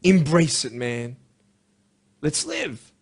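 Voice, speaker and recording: A man giving an impassioned motivational speech to a school audience, moving from quiet intensity to emphatic shouting. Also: fairly high pitch, huge pitch swings, very slow, vocal fry, breathy edge. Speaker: motivational speaker.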